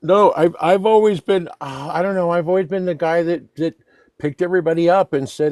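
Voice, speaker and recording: A man's voice: fairly high pitch, brisk, darkish tone, no room sound. Rambling man telling stories, dry sound. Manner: rambling, laughs through stories, restarts. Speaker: guest. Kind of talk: casual storytelling.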